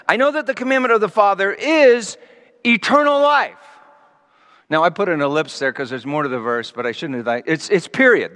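High, lively male preacher in a hall. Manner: animated, swinging from loud emphasis to quiet asides. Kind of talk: sermon with Bible teaching. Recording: long reverb of a large hall.

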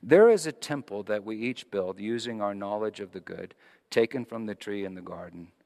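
A man's voice: on the low side, normal speed, vocal fry, a little mellow. A middle-aged man preaching a sermon in a conversational storytelling way, often restarting his phrases. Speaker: pastor. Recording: long reverb of a large hall.

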